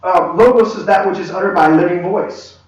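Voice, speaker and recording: A man teaching a church leadership class in a conversational, halting way, with many restarts. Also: high voice. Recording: echoey room, far from mic, dull.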